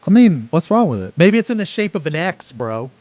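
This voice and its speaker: A man in his forties, a streamer chatting casually and rambling excitedly with lots of swearing. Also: on the high side, brisk, no echo, dull audio. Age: 40s. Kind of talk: casual live-stream reaction chat.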